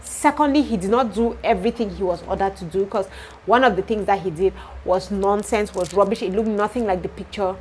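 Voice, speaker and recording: A young woman with a Nigerian accent, a vlogger and shop owner telling an exasperated story in casual talk, breaking into loud outrage. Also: medium pitch, brisk, a little hiss or hum, rough recording.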